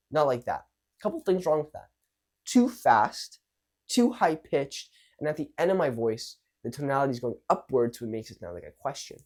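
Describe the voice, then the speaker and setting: A young man talks through social confidence tips in a loose, conversational way. He is animated, acting out nervous and calm versions of the same lines, and swears now and then. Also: medium pitch, moderate pace. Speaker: social skills coach. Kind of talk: casual coaching talk to camera.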